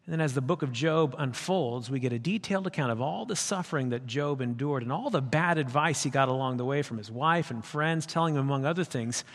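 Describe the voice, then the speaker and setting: A man's voice: mid-range voice, expressive, fairly quick, few pauses. A male pastor preaching a sermon in an emphatic, conversational way. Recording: long hall reverb.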